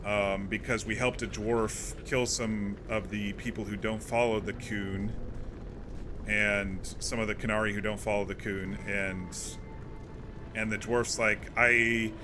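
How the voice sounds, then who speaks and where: A man's voice: fairly low pitch, flat delivery, measured pace, music in the background. A man streaming a video game, giving casual gameplay commentary in a chatty, rambling recap full of self-corrections.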